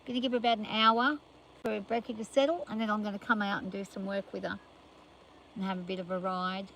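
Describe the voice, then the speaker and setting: A woman's voice: medium pitch, fairly even intonation, a little fast, vocal fry, a bit bright, slight background noise, low-quality recording. An older woman livestreaming from her farm in a chatty, rambling way, talking to viewers and scolding her animals playfully. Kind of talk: casual livestream chat. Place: outdoors on a farm.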